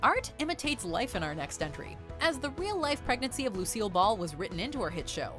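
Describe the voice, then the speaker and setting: A woman reads a scripted countdown with a lively, swooping voice at a mid pitch. Clear music plays behind her the whole way through. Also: fast. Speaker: narrator of a countdown video. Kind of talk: scripted narration.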